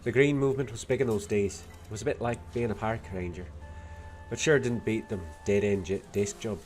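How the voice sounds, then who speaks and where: A man voicing a tough, blunt Irish woman in a video game, with a put-on Dublin accent carrying a Scottish lilt and a rough, salty way of talking. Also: lowish voice, brisk, a little mellow, soft background music, natural voice. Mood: storytelling. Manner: gruff, salty, rough-spoken.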